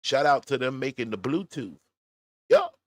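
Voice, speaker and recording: A man's voice: medium pitch, wildly swooping pitch, normal speed, no echo, clean studio sound. A man giving blunt, profane reaction commentary on a clip, mocking and riffing on what he watches. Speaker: commentary vlogger.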